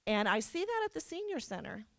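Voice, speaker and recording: A woman's voice: high voice, big pitch swings, a little fast, no echo. Woman telling a story on stage. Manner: anecdotal, self-deprecating, acts out quoted dialogue. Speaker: keynote speaker. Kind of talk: storytelling speech. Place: conference hall.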